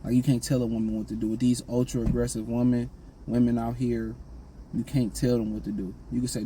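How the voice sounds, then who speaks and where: A man's voice: medium pitch, little pitch movement, a little fast, mellow, slight background noise, rough recording. A man giving blunt, slangy dating and self-improvement advice in a casual, repetitive monologue.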